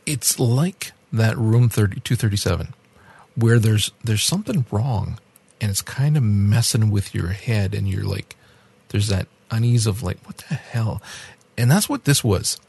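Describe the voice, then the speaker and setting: Gravelly-voiced man ranting on a podcast. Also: lowish voice, measured pace, pauses often. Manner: animated ranting with laughs and restarts. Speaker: podcast co-host. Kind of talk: casual podcast chat about a documentary.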